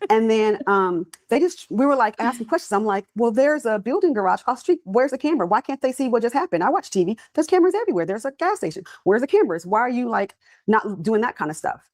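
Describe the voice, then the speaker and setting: A woman's voice: fairly high pitch, sing-song, fast, darkish tone, no echo. A woman in her fifties giving candid, conversational courtroom testimony as a trial witness.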